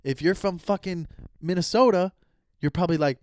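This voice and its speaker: Male comic in his 30s, solo podcast host; slightly high voice, loose rambling rant delivery, dead-dry close mic. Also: a little fast, no room sound. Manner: rambling, animated, swears casually.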